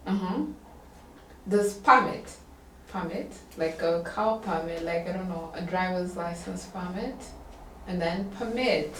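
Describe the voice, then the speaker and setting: A woman's voice: lowish voice, a bit bright. Patient woman tutor, distant in an echoey room. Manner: patient, repeats words slowly for the student. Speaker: English tutor. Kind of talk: one-on-one language lesson. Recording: roomy echo, distant from the mic, faint background hiss.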